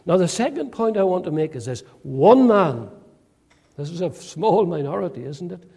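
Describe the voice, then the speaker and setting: A man preaching an expository sermon in a measured way, acting out quoted speech with many "uh" fillers. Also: high voice, big pitch swings, vocal fry, warm tone, husky. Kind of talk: sermon, expository Bible teaching.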